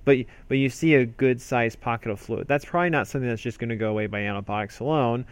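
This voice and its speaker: Speaking fast in a clean, mid-range voice, an emergency physician explains a medical procedure in a conversational lesson. He uses fillers and restarts along the way, and the recording is dry.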